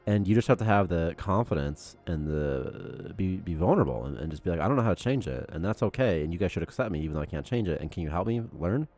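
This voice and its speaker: A man co-hosting a game development livestream in casual chat, excitable and rambling, getting heated about topics as he talks. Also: low-pitched, fast talker, hardly any pauses, soft background music. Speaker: co-host, game programmer.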